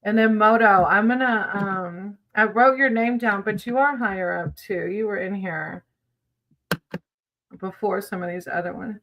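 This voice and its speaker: A woman's voice: medium pitch, measured pace, fairly bright tone, rough recording. A woman hosting a casual livestream, chatting with viewers between tarot readings, giggling often and calling people sweetie.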